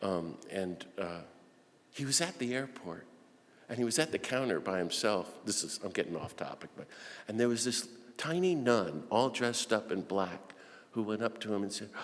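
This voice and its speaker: A man giving an impassioned preaching talk to a room of listeners, asking rhetorical questions and swinging from hushed to loud. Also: fairly low pitch, animated, normal speed. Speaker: speaker addressing Christian peacemakers. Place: large hall with audience. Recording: long hall reverb.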